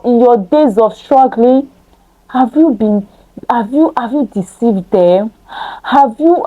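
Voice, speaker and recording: A woman's voice: on the high side, mellow, low-quality recording. A woman reading scripture aloud and breaking off into emphatic preaching, with rhetorical questions to her listeners. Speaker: Bible study teacher.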